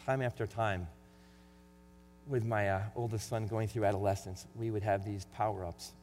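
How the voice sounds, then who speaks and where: A man's voice: lowish voice, fairly even intonation, moderate pace, darkish tone, soft background music. A middle-aged man preaching a sermon in an earnest, conversational way. He reads scripture with extra emphasis. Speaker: pastor. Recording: long hall reverb with faint mains hum.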